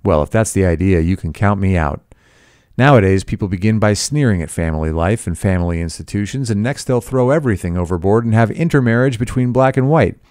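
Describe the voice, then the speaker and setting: A man's voice: fairly low pitch, animated, brisk, darkish tone, clear, resonant tone, no room sound, studio quality, close to an everyday voice. A man reading the part of an arrogant, scornful rich husband, with a sneering, incredulous delivery.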